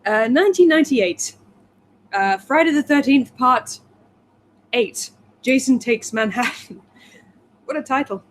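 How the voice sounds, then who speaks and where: A slightly tipsy woman reads a plot summary aloud to her co-host, breaking off for giggly, wry little asides. Her voice sits a touch high for a woman, with a faint hiss under it. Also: lively intonation, a little slow, long pauses. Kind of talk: casual chat, reading a plot summary aloud.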